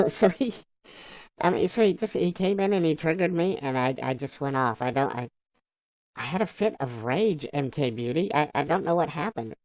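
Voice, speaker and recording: A man's voice: on the high side, lively intonation, normal speed, darkish tone, no echo, poor audio. A man on a live stream, chatting casually, laughing often and reading viewers' comments aloud. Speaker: livestreamer.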